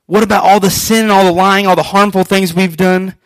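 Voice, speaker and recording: A man preaching a sermon as pastor, animated and acting out scripture scenes. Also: sits high, fairly quick, no room sound, poor audio.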